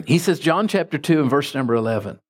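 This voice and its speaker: A man preaching as a pastor, telling folksy stories with lively jumps in his voice. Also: brisk, creaky, breathy edge. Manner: folksy, animated anecdotes with sudden pitch jumps. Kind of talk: sermon with storytelling.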